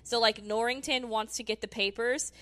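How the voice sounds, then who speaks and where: A woman's voice: on the high side, normal speed. A woman in casual conversation, recapping a movie with friends, giggling as she tells stories. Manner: giggly, animated storytelling.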